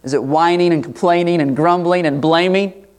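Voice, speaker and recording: Preaching smoothly at a normal speed, a pastor gives an expository sermon on a passage of scripture. For a man his voice runs slightly high, rising into lively, higher character voices each time he dramatizes a quotation.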